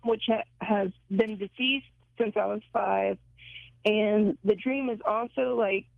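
A woman's voice: mid-range voice, no echo. A woman from Ohio calling in to a radio show, asking her question tentatively with some hesitation. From Ohio, USA. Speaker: caller. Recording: dry phone line.

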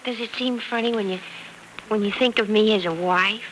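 An actress playing a nervous, giggly young newlywed wife in a 1940s radio drama, recorded on an old radio transcription. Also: female voice, mid-range voice, normal speed, fairly bright tone, a little hiss or hum, close to an everyday voice, low-quality recording. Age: young adult. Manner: giggly, fretful, sweet.

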